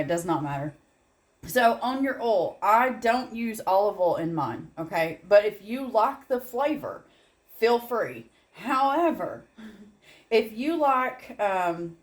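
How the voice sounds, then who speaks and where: Chatty Southern woman showing a recipe. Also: lowish voice. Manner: chatty, rambling asides with little laughs. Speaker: home cooking channel host. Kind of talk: casual cooking demonstration.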